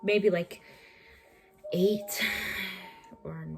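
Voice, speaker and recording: A woman's voice: lowish voice, fairly even intonation, very slow, vocal fry, soft background music. A young woman in a home vlog, recounting a personal story in a chatty, emphatic way and repeating words for effect. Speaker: vlogger.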